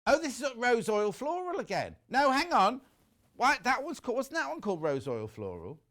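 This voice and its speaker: Very high-pitched and at a moderate pace, a middle-aged man fronts a live shopping broadcast in a TV studio. It's chatty selling: he gossips animatedly and reads viewers' messages aloud.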